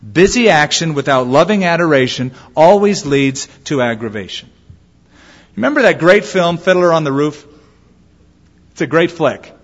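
Husky preacher guy, lively up and down delivery, dull lo-fi sound with long hall echo. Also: a little high, normal speed. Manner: animated preacher acting out quotes in voices. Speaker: pastor. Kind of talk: sermon.

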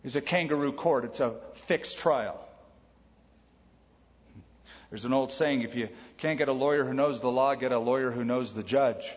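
A man preaching a sermon in a conversational way, tossing in quick quoted asides. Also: mid-range voice. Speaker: pastor. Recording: dull sound with long hall reverb.

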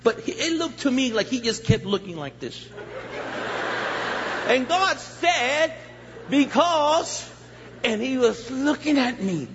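High-voiced man preaching a testimony. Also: slow, pauses often, noisy background. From Los Angeles County, USA. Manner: animated storyteller, acts out voices, jokes with the crowd. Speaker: guest preacher. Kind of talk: sermon testimony. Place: church sanctuary. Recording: echoey hall, slightly dull sound.

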